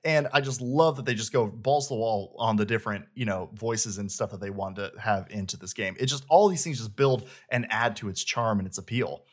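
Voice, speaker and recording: A man's voice: fairly low pitch, a little fast, hardly any pauses. A man hosting a casual chat, rambling enthusiastically about a video game. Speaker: host, game reviewer.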